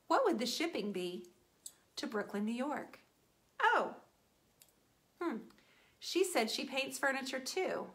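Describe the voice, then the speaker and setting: A middle-aged woman chatting casually to her viewers while painting furniture, animated and playful, with teasing asides to viewers by name. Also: high voice, slow pace, pauses often.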